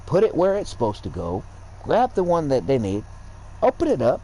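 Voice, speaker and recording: A man's voice: medium pitch, huge pitch swings, moderate pace, warm tone, slight background noise, rough recording. A man streaming a game and talking casually, in a profane, rambling, lecturing way. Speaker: gaming streamer. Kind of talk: casual livestream rant.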